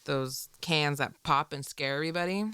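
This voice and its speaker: A woman's voice: sits low, normal speed, fairly bright tone, smooth, no echo, studio quality. A woman co-hosting a podcast in casual chat, laid-back and asking curious questions. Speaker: podcast co-host.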